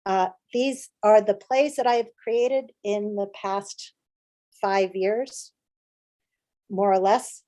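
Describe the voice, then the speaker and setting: A woman's voice: mid-range voice, fairly even intonation, takes it slowly, mellow. Woman, from the United States, playwright, conversational presentation, frequent fillers, video call. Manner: chatty with frequent fillers and restarts. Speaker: playwright and director giving a talk.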